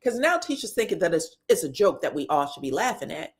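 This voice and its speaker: A woman hosting a casual reality TV recap, telling it in an animated, profane and sassy way. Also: lowish voice, fast talker.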